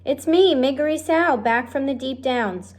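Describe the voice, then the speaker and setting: A woman's voice: high voice, expressive, moderate pace, darkish tone, pitched above the performer's own voice. Woman putting on a slangy simple servant girl. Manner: folksy slang, mangled words. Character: dim-witted young servant girl, simple and earnest.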